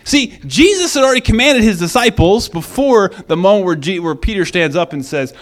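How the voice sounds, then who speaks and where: High-voiced guy preaching casually, lively, acts out the quotes. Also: a little fast, hardly any pauses. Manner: animated, acts out quoted lines. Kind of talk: conversational sermon.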